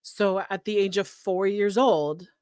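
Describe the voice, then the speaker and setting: A woman co-hosting a podcast, recapping a show in casual chat, full of "like" and quick laughs. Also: medium pitch, darkish tone, clear, resonant tone, no room sound, studio quality. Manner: chatty, heavy use of "like", laughs often.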